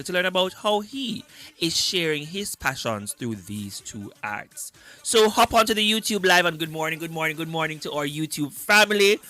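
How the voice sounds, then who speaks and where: A young man hosts a youth radio show from the studio. His voice is bright and rather high, with a lively, swooping delivery. He greets listeners again and again with plenty of energy. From Jamaica. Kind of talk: upbeat radio show presenting.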